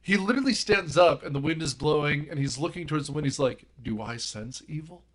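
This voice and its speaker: A man's voice: on the high side, quick pace. A man on a movie podcast panel, animatedly retelling film scenes and giggling as he talks. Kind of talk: casual movie discussion.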